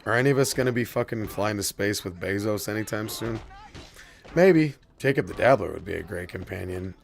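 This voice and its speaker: A man's voice: lowish voice, fast talker, creaky, slight background noise. A man streaming a video game, chatting casually with viewers, profane and rambling but heartfelt. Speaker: gaming streamer. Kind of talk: casual stream chat while gaming.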